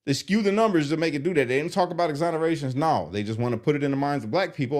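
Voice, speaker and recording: A man doing live commentary on viewer comments, animated and exasperated as he reads them aloud. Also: fairly high pitch, rapid-fire, few pauses. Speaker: streamer reacting to comments.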